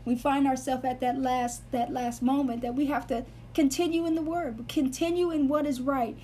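A woman with a high voice teaches scripture in earnest, walking through each word's meaning. She repeats key phrases for emphasis. A faint hum of ambience sits behind her. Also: steady tone, normal speed, mellow. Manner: earnest, explains Greek word meanings step by step. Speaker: Bible teacher. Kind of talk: Bible teaching episode.

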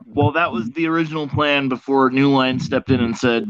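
A man's voice: mid-range voice, moderate pace, fairly bright tone, clean tone, no echo, highs cut off. A man hosting a casual podcast chat, steering the talk and swearing casually. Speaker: podcast host.

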